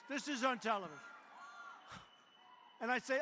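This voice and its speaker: A man in his seventies delivers a rambling, boastful campaign rally speech into a podium mic, his voice strained up very high with a bright, forceful edge. He repeats himself and keeps riffing off-script. The sound carries a long arena reverb over a faint hiss. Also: animated, a little slow, some chatter behind. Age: 70s. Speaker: politician addressing a rally. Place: large indoor arena.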